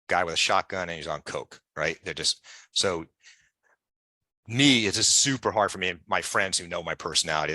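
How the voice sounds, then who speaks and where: Deep-voiced and bright, with forceful delivery, a man sits as an interview guest and relates long, casual anecdotes. He digresses freely and performs the voices of those he quotes; the recording is dry.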